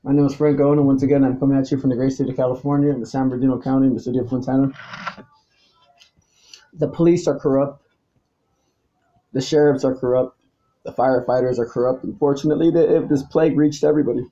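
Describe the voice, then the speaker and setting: A man talking alone to the camera, swinging between low mutters and loud, angry, profane outbursts and repeating himself. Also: fairly even intonation, fast talker, pauses often, lo-fi sound. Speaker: vlogger. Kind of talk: rambling solo monologue to camera.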